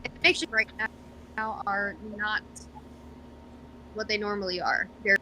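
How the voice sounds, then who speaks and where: A woman's voice: mid-range voice, flat delivery, measured pace, pushed and bright, a little hiss or hum, rough recording. A young woman guest on a podcast, chatting casually and rambling with lots of fillers and self-deprecating asides. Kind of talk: casual chat.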